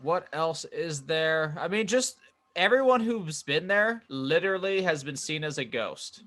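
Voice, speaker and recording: A man's voice: on the high side, animated, measured pace, a bit bright. A man co-hosting a comedy podcast, reading out facts and laughing easily. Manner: reads out facts, stumbles on names, laughs easily. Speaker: podcast co-host. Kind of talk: casual comedy podcast chat.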